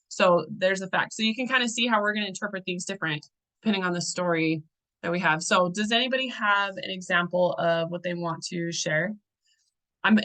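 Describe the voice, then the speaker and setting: Bright-voiced woman coaching a group. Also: on the low side, low-quality recording. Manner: chatty, uses many fillers and restarts. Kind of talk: casual teaching talk to a group.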